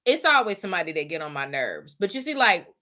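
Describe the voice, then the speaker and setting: Brief: woman host, bright voice, blunt profane rant. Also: on the low side, sing-song, fast talker. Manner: blunt, profane, emphatic ranting. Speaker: podcast host. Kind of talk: casual chat.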